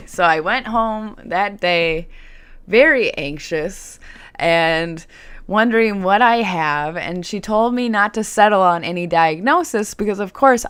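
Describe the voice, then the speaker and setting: A woman's voice: lowish voice, fairly bright tone, smooth. A woman vlogging, telling a personal story in a candid, chatty way with plenty of "like" fillers.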